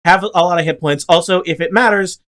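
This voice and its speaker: A man's voice: high-pitched, brisk, fairly bright tone. A man running a tabletop game as game master, rambling with joking, self-deprecating asides.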